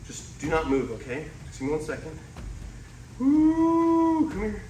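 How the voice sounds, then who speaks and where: An enthusiastic man hosting an animal vlog, breaking into high excited exclamations. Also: fast talker, reverberant, very noisy. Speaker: reptile keeper and show host.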